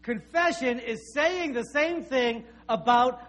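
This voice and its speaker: A middle-aged pastor delivering a sermon in an easy, conversational way. His voice sits high for a man, and he often circles back with small restarts as he tells homely stories. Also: slow pace, a bit bright. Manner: conversational, anecdotal, with repeated restarts.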